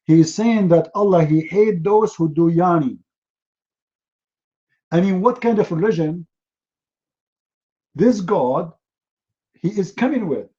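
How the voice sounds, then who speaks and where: High-pitched sarcastic man. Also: lively intonation, slow, pauses often, warm tone, muffled recording. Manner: mocking, sarcastic storyteller. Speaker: speaker. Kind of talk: humorous seminar talk.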